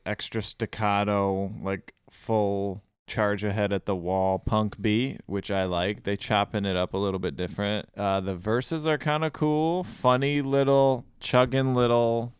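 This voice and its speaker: Brief: laid-back podcast co-host, low clear voice, dry close mic, slangy music chatter. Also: male voice, moderate pace, few pauses, no room sound. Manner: loose, slangy, lots of "like" and "dude". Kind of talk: casual music review chat.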